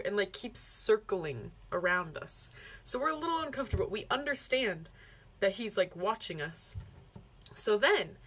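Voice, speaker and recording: A young woman vlogging, telling a story casually with lots of "like" and acted-out quotes. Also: medium pitch. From United States. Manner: chatty, heavy use of "like", acts out quoted lines.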